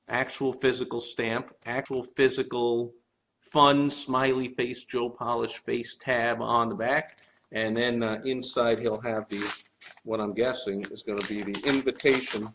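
A man's voice: mid-range voice, a bit bright, a little hiss or hum, rough recording. A middle-aged man talking casually to the camera from a room in his home, chatty and enthusiastic, rambling with fillers as he shows his mail. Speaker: marketing vlogger.

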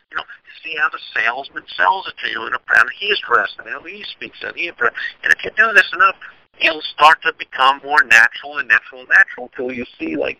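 A man's voice: a little high, vocal fry, sharp tone, no echo, rough recording. A man hosting a podcast on his own, giving business advice in a rambling, conversational monologue full of asides and restarts. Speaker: podcast host.

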